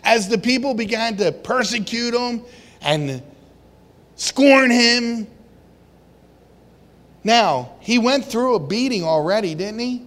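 Very high-pitched and fairly bright, this preacher's voice rises and falls in lively intonation as he speaks slowly, pausing often. In a hall with long reverb, he asks the congregation questions and acts out the story's characters in a conversational sermon.

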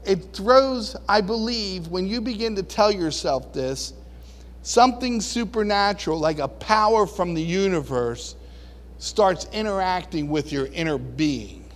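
A man preaching a sermon in a folksy, animated way, now and then acting out voices and shouting. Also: sits high, unhurried. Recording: long reverb of a large hall.

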